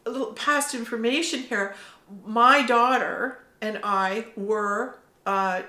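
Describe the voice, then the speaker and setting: A woman's voice: mid-range voice, fairly bright tone. Earnest middle-aged woman in a roomy space. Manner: earnest, halting with frequent fillers. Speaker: spiritual storyteller. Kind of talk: personal storytelling to camera. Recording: roomy echo.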